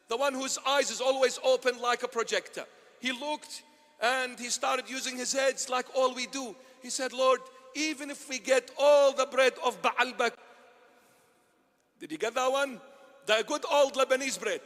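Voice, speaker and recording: A man, a bishop, preaching an impassioned sermon that swings between loud and hushed. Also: extremely high pitch, moderate pace. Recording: long hall reverb.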